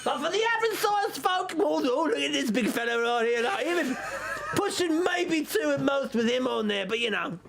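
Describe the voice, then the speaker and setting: A man's voice: very high-pitched, lively intonation, moderate pace, creaky, background noise, pitched above the performer's own voice, heavily acted. A game master voicing a pushy merchant who is eager to close a sale with his customers. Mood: sly. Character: pushy male merchant hawking goods.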